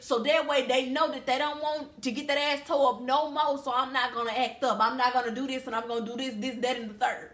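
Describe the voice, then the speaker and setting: A woman's voice: high voice, steady tone, brisk, few pauses, a bit bright. A young woman from Louisiana telling a storytime to camera in a blunt, heated, emphatic way. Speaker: vlogger. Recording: echoey room.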